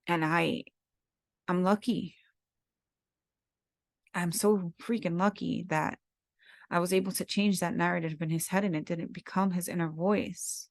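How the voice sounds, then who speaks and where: A woman's voice: fairly low pitch, steady tone, unhurried, gravelly, long pauses, dry recording, clean studio sound. A woman in her thirties hosting a podcast, talking in an earnest, heartfelt, rambling way and repeating herself as she reflects. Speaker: podcast host. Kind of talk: reflective personal talk.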